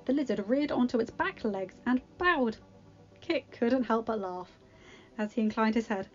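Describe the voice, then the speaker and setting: A woman's voice: on the high side, lively intonation, moderate pace, lo-fi sound, soft background music. A woman reading a fan-written story aloud, narrating plainly and sometimes correcting herself. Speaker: reader.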